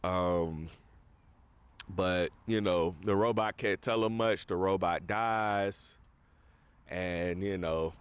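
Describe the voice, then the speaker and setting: A man's voice: on the low side, clean tone. A man hosting a casual film review, retelling scenes in a rambling way full of fillers.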